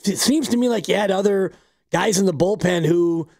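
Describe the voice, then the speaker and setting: A man co-hosts a sports talk radio show with a high voice and a gravelly edge. He talks in a wry, conversational way, and the sound is dry and close. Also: moderate pace, darkish tone, no room sound. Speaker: radio co-host.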